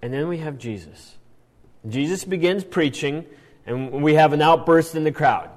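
A man teaching a Bible passage in an animated sermon style, often restarting his phrases. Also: on the high side, normal speed, in a large hall. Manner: animated, acts out quoted lines, frequent restarts. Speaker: preacher.

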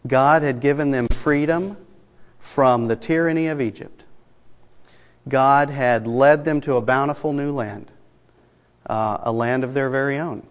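A man preaching a sermon as pastor, measured and deliberate, with pauses and fillers, slowing down to stress key words. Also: mid-range voice, smooth. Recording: hall with long reverb.

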